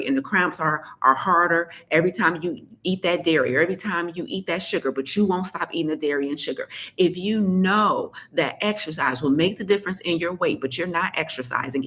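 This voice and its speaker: Sassy low-voiced woman health coach. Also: a bit bright. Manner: sassy, emphatic, repeats lines for effect. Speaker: health coach and podcast host. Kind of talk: direct-to-listener motivational talk.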